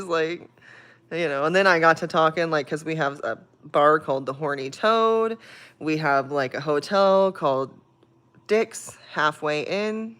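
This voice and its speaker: A woman hosting a livestream chats loosely with her viewers, swearing often and laughing frequently as she works through a personal story with plain emotion, at times soft and heavy, at times laughing. Her voice sits low, and she speaks unhurriedly with frequent pauses.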